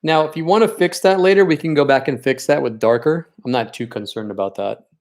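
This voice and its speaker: Running a paint night over a live stream, this art teacher talks while he paints, chatty and encouraging, with open sentimentality about his students. His voice is a little high and darkish in tone, and he speaks a little fast.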